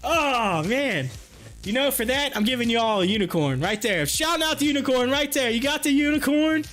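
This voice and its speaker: A man hosting a casual livestream, reading chat and talking in an excited, chatty, folksy way, a bit hoarse. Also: very high-pitched, moderate pace, faint music behind. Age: adult with kids. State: hoarse, losing his voice.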